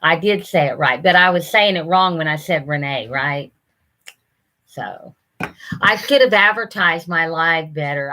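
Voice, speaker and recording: An older woman, chatting casually on a live stream, rambling and halting with lots of fillers. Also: on the low side, sharp tone. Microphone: computer camera mic.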